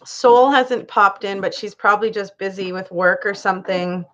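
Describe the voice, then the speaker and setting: A woman's voice: mid-range voice, normal speed. A woman hosting a casual live chat, reading viewers' comments aloud and laughing often. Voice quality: laughs often, chatty and animated. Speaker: livestream host. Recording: dull lo-fi livestream audio.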